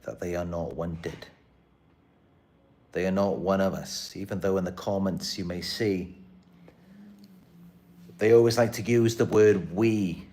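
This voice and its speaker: A man's voice: sits low, a little mellow. A man hosting his own channel, talking to camera in an earnest, repetitive, aggrieved live-stream monologue. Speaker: channel host.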